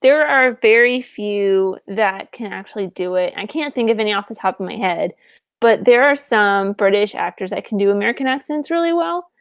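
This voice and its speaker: A woman co-hosts a podcast in a relaxed, chatty way, with filler words all through her speech. Her voice sits at an ordinary pitch, and the recording is dry and close, with no room sound. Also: normal speed, clean tone, no echo. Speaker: podcast co-host. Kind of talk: casual chat.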